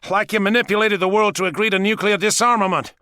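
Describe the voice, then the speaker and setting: A male reader voicing a defiant young male police officer who talks in a forceful, scornful way. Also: high voice, steady tone, fast talker, dry recording, studio quality, pitched above the performer's own voice.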